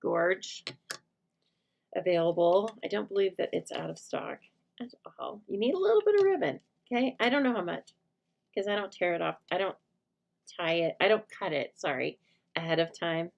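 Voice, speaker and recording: A woman's voice: lowish voice, lively intonation, moderate pace, creaky, highs cut off. A middle-aged woman hosting a live card-making demonstration, chatty as she teaches step by step. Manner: chatty, teaching step by step, breaks off to talk to her dog. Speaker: host of live stamping show.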